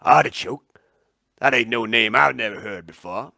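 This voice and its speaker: A man voicing a suspicious male swamp dweller guard with a gruff manner. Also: mid-range voice, normal speed, bright, forceful tone, dry recording, studio quality.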